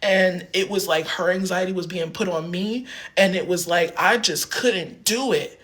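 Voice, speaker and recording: A man's voice: high-pitched, moderate pace, a bit bright. A man talks casually and at length to his stream. He rambles, circling back and stacking filler words as he goes. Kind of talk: casual livestream rant.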